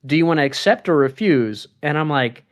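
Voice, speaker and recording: A man's voice: fairly high pitch, expressive, brisk, dull audio. A young man co-hosting a gaming podcast, chatting casually in a rambling way, laughing often and acting out his own reactions. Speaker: podcast co-host.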